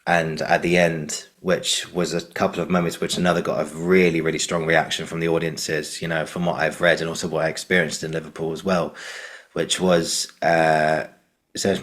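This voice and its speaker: A man's voice: a bass voice, level tone, normal speed, fairly bright tone. A man with a southern English accent hosting an interview podcast, talking eagerly in long rambling sentences full of fillers. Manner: enthusiastic, rambling, filler-heavy. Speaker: podcast host.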